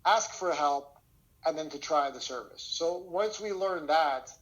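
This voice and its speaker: Over a video call, a male sales trainer delivers an online training lesson in a fairly high voice at a measured pace, with the highs cut off. He tells energetic stories and keeps checking in with "okay?".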